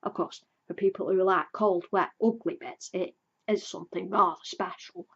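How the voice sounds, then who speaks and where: A sulky old donkey, voiced by a woman, grumbles in a dry, drawn-out way, as if nothing could ever go right. The voice has a faint husky edge, and the storybook reading is captured on a dull, lo-fi recording. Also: medium pitch, fairly even intonation, fairly bright tone. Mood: glum. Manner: dry, sarcastic, drawn-out complaining. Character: gloomy old male donkey, sulky and slow.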